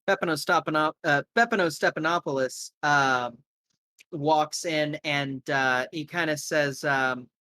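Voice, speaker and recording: A man's voice: fairly high pitch, unhurried, sharp tone, dry recording. A man narrating a tabletop game as game master, rambling casually with lots of fillers.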